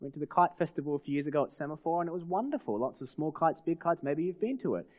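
Earnest pastor preaching in a hall. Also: male voice, on the high side, lively intonation, quick pace. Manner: earnest, asks the congregation rhetorical questions. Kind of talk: sermon. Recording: long hall reverb, dull lo-fi sound.

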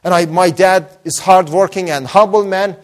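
Man, pastor, testimony sermon, fervent, earnest, slightly high voice. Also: moderate pace. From Iran. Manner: earnest, fervent, repeats words when stressing.

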